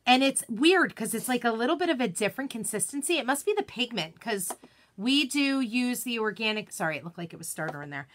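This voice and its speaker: A woman's voice: fairly high pitch, lively intonation, a little fast, a bit bright. A woman hosting a casual live craft tutorial, chatting and greeting viewers by name, joking about her own slip-ups. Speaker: craft demonstration host.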